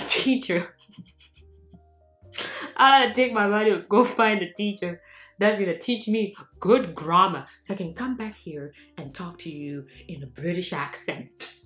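A woman's voice: mid-range voice, a bit bright, echoey room. A South African woman vlogging in casual commentary, mocking and laughing often as she switches between English and local languages.

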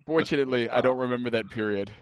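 A man's voice: mid-range voice, very fast, smooth. A man from Philadelphia co-hosting a podcast, with dry, wry humor in casual chat. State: sore hip. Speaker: podcast co-host.

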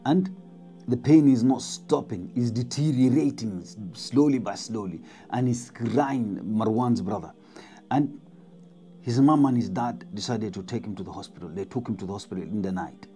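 A man's voice: fairly low pitch, normal speed, dark tone, soft background music. A man telling a spooky story in a dramatic way, repeating words and dropping to whispers. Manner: dramatic, repetitive, drops to whispers. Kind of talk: spoken storytelling.

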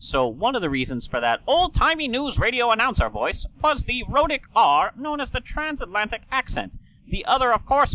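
A man putting on an old-timey male radio news announcer voice, clipped with dropped endings and measured pauses. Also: very high-pitched, bright, forceful tone, pitched above the performer's own voice, exaggerated voice, rough recording.

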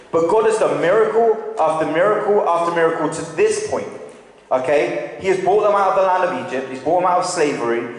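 Male preacher, higher voice, chatty questioning delivery, long church reverb. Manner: conversational, asks the congregation questions. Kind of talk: sermon. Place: church hall. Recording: very echoey hall with long reverb.

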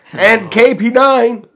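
A man playing a theatrical vampire count, delivering a joke loud and hammy. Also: sits high, pitched above the performer's own voice, heavily acted.

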